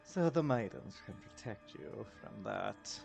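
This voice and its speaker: Formal informant, grave archaic phrasing, lowish voice, man putting it on. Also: very animated, unhurried, gravelly, a little mellow, soft background music, full character voice.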